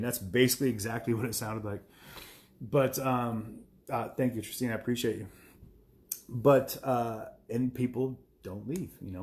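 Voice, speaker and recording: A man chatting casually to viewers on a live stream, rambling with many fillers and chuckling asides. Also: mid-range voice.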